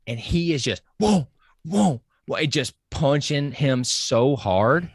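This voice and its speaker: A man chatting excitedly on a podcast, full of enthusiasm and rushing from point to point with many fillers. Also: on the high side, slightly rough, dry recording. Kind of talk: casual podcast chat.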